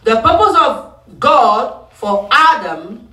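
A man delivers a sermon in a strikingly high, bright voice. He hammers his points through repetition and call-and-response. The sound comes from far off, with a roomy hall echo. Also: very animated, slow pace. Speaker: preacher.

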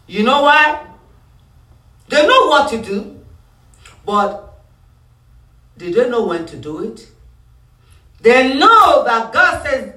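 A man's voice: very high-pitched, very animated, slow pace, long pauses, sharp tone. A man preaching a sermon, emphatic and repetitive, calling for responses from the congregation. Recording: echoey hall from far off.

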